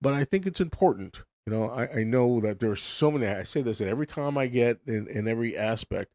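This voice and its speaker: A man's voice: medium pitch, lively intonation, a little fast, darkish tone, dry recording, studio quality. A middle-aged man hosting a podcast, rambling bluntly through a casual monologue full of restarts and swearing. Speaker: podcast host.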